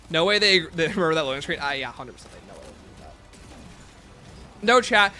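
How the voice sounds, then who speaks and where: Joking, bright-voiced male game streamer. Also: on the high side, animated, a little fast, pauses often. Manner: casual, joking, self-mocking banter. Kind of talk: live gameplay commentary, reading chat. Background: faint game music playlist.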